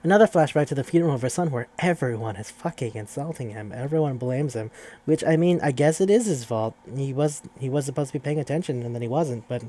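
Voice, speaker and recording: A man's voice: mid-range voice, quick pace, mellow. Man rambling through a profane recap. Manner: rambling, profane, with many fillers. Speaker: podcast host. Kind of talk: casual story recap.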